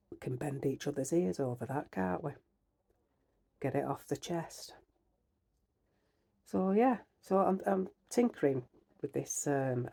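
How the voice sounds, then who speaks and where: A woman with a broad Northern English accent talks straight to her viewers, plain-spoken and rambling. Her voice sits low and mellow with a husky edge, and she drifts from filler to filler. She sounds middle-aged. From Northern England. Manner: blunt, chatty, rambling with many fillers; heated, ranting. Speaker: vlogger. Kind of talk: casual chat to camera.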